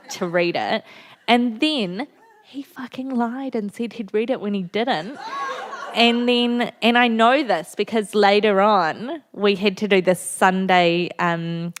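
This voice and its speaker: Candid, funny New Zealand woman. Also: fairly low pitch. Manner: candid, funny storytelling with frequent laughter. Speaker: guest author. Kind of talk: festival stage talk. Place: festival venue before an audience.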